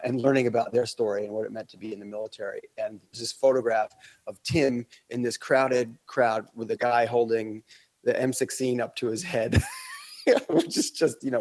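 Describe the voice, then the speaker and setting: A man's voice: medium pitch, darkish tone. Chatty man telling a travel story. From Australia. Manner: rambling anecdotal telling with fillers and acted-out quotes. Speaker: podcast guest. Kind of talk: casual storytelling.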